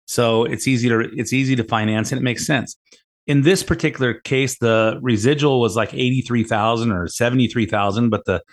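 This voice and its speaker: A middle-aged man hosting a talk radio show, rambling in a casual monologue, often repeating words and retelling conversations with emphasis. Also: medium pitch. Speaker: radio show host and mortgage lender.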